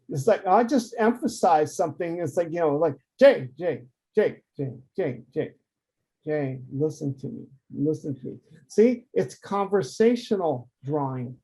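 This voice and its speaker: Husky-voiced animated art professor, man. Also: fairly high pitch. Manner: animated, conversational, emphatic teaching. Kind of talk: webinar drawing demonstration.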